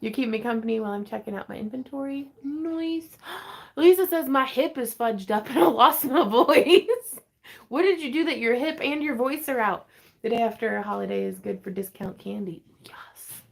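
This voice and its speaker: A woman with a slightly high, gravelly, expressive voice hosts a craft livestream from home. She's chatty and rambling, laughs easily, and reads viewer comments aloud before answering them in casual livestream chat.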